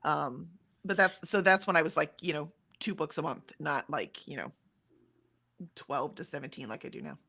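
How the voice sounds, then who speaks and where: A woman's voice: low voice, normal speed, creaky, sharp tone. A woman, chatting casually on a livestream and reading viewers' comments aloud. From Texas, USA. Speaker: livestream co-host. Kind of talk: casual chat reading out live chat.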